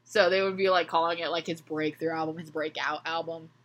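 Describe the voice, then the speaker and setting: A woman's voice: low-pitched, fairly even intonation, a little fast. A young woman hosting a podcast, reading fan fiction aloud and breaking off to joke and laugh. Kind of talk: comedic reading with chat.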